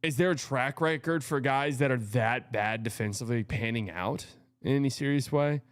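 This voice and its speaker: Male host, game watch party, excitable reactions, smooth clear voice, middle pitch. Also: normal speed, no room sound. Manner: excitable, loud reactions to plays. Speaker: show host.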